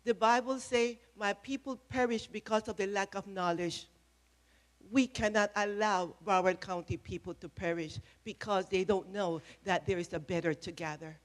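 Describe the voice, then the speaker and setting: A woman's voice: medium pitch, steady tone, normal speed. A woman giving a passionate speech from a podium at an event, emphatic and repeating phrases. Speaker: speaker at a press event. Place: event room with an audience. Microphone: podium microphone.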